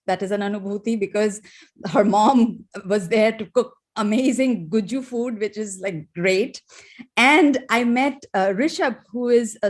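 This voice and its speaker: A woman sharing a personal spiritual testimony, emotional and close to tears, telling stories with feeling. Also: a little high. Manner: emotional, tearful, warm storytelling.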